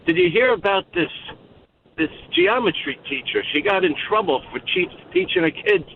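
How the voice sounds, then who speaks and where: Lively male caller on a muffled line. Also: high voice, moderate pace. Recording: muffled phone-in with faint hiss.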